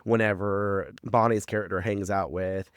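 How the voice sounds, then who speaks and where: In a clean, dry studio recording, a man co-hosting a podcast recaps a TV episode with plenty of fillers and swearing in their rambling, casual talk. His voice sits on the low side, with fairly even intonation and a moderate pace.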